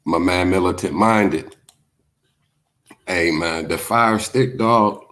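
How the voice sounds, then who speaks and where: A laid-back man hosts a casual livestream in a very deep, slow voice. He drifts between rambling stories and viewer comments, swearing easily and padding every line with fillers. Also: fairly bright tone. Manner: laid-back, profane, drawn-out storytelling with many fillers. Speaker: livestream host. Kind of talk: casual chat, storytelling, reading comments.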